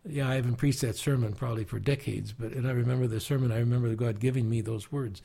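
An older man from the United States talks in an unhurried, earnest way, restarting phrases and chuckling softly. His voice carries a gravelly rasp and a husky breathiness. He sounds like a seasoned preacher reflecting in conversation. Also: mid-range voice, fairly even intonation. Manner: earnest, emotional, with warm chuckles and halting restarts. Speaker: guest preacher.

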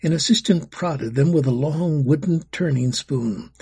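Gravelly, husky male storyteller. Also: on the high side, measured pace, mellow. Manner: dramatic reading, dropping to a whisper. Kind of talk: storybook narration.

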